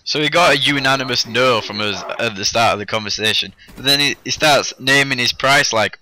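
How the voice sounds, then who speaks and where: Bright-voiced young man telling a story. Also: medium pitch, brisk, few pauses, a little hiss or hum. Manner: chatty, rambling, self-deprecating humour. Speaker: gaming YouTuber. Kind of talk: casual vlog storytelling over game footage.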